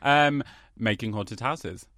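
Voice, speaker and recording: A man's voice: medium pitch, takes it slowly, a bit bright, no echo. A young man co-hosting a podcast, camp and playful, full of theatrical asides. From north of England. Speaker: podcast co-host. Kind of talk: casual comedic chat.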